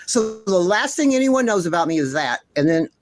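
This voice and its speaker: Indignant man ranting, swinging pitch. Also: sing-song, moderate pace, a little hiss or hum. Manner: passionate, indignant, profane ranting; repeats himself insistently. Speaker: commentary channel host. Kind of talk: ranting commentary vlog.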